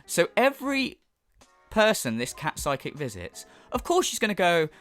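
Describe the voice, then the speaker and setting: A man's voice: sits high, normal speed, faint music behind. Sweary sarcastic British man ranting. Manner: sweary, mocking, animated. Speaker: YouTube commentator. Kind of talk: sarcastic reaction commentary.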